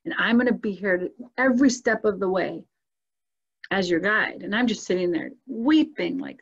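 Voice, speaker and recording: A woman telling her own life story in a casual conversation, animated and expressive, acting out the voices she quotes and laughing often. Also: medium pitch, moderate pace, creaky, slightly rough. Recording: dull lo-fi sound.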